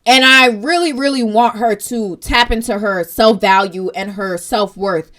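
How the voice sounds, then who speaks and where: A woman's voice: fairly high pitch, a little slow, a bit bright. Earnest young woman, vlog commentary. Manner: earnest, direct, tearful at times. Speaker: vlog host.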